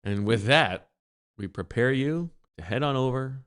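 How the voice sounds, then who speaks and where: A man co-hosting a sports podcast in casual chat, with a flat, deadpan delivery. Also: mid-range voice, measured pace, clean tone. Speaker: podcast co-host.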